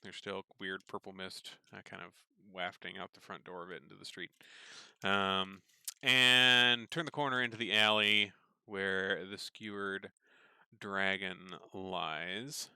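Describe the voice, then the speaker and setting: A man's voice: deep voice, level tone, unhurried, bright, forceful tone, smooth, no echo. A man narrating a tabletop game as game master, meandering, with many fillers and restarts.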